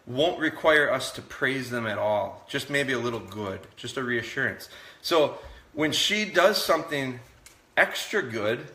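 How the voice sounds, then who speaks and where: A man talking viewers through a live dog training session in a relaxed, explaining way, indoors. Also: medium pitch, measured pace, echoey room.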